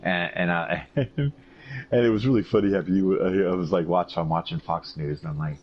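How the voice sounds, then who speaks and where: A man recovering from surgery, telling profane, animated stories in a casual chat. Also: sits low, brisk. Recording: dull lo-fi recording with faint noise.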